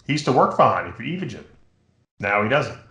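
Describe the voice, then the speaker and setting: A middle-aged man from New York hosting a show, chatting casually and telling rambling, animated stories. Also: mid-range voice, fast talker, roomy sound. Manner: rambling, animated storytelling with impressions. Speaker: podcast host. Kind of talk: casual chat.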